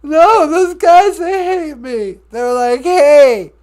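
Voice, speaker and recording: A man's voice: extremely high pitch, expressive, slow pace, darkish tone, exaggerated voice. A man doing a weepy whining caller. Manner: whining, sobbing protests. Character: whiny adult man caller, self-pitying, weepy. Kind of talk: comedy call-in sketch.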